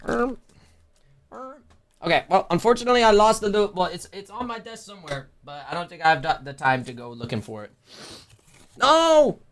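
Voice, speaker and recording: A young man live-streaming a haul and unboxing, chatting excitedly with his viewers. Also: sits high, fast. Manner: excitable, talks to chat.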